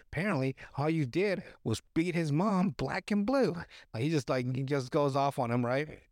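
A man's voice: a little high, normal speed, a little mellow, no echo. Laughing, swearing podcast guy, dry sound. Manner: profane, laughs often, loose rambling storytelling. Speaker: podcast host. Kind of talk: casual movie recap chat.

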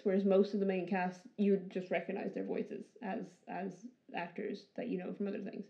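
A woman's voice: mid-range voice, flat delivery, brisk, creaky, hardly any pauses, dull audio. A woman co-hosting a podcast, talking casually with many fillers and frequent laughter. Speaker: podcast co-host. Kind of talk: casual chat.

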